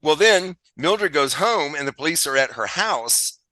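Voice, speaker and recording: A man's voice: on the high side, animated, unhurried, pushed and bright, dry recording, poor audio. A man hosting a podcast, casually retelling a film plot and acting out lines in put-on voices. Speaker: podcast host.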